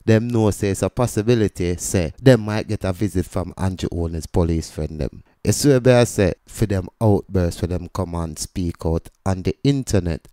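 A man with a Jamaican accent gives news commentary, his voice low, dark and mellow, with a smooth, resonant tone. He explains things in an easygoing way, mixing in patois, close to a dry mic. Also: moderate pace, hardly any pauses, no room sound. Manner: conversational, explanatory, patois-laced. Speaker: commentary channel host.

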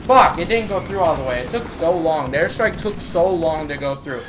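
A frustrated man rants and swears through his gameplay commentary. Clear gunfire and explosions from the game sit behind his voice. He talks like someone who is easily riled up. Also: high-pitched, lively intonation, quick pace, few pauses, a bit bright, slight background noise. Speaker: gamer and channel host. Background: shooter game gunfire and explosions.

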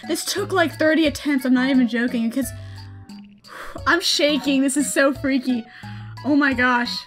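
A young woman streaming a game, reacting with jumpy, excitable commentary and nervous laughter. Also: high-pitched, a little slow, faint music behind. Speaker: gaming streamer.

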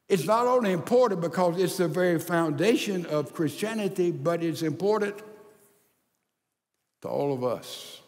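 An older man preaching a sermon as pastor, swinging from loud emphasis to hushed, near-whispered lines. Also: high-pitched, in a large hall. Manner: slow, deliberate delivery with long pauses.

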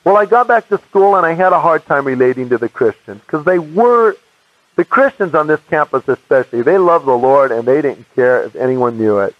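An American man telling his personal faith testimony as an animated storyteller, acting out the voices of people he quotes. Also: on the high side, fairly quick, dry recording. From United States. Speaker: evangelist giving his testimony. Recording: muffled dry archive recording.

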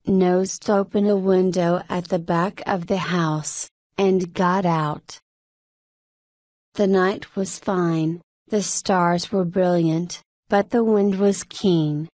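A woman narrating a graded story for English learners in a slow, clear, measured reading. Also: medium pitch, fairly even intonation, warm tone, no room sound.

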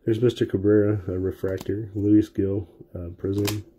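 A man's voice: on the low side, flat delivery, measured pace, dark tone, husky. A man casually calling out player names and card finds as he opens packs during a live sports card break.

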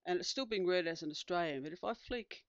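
An instructor calmly explaining a tablet feature step by step, with small fillers along the way. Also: medium pitch, fast, dry recording, muffled recording. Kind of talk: screen-recorded tutorial demonstration.

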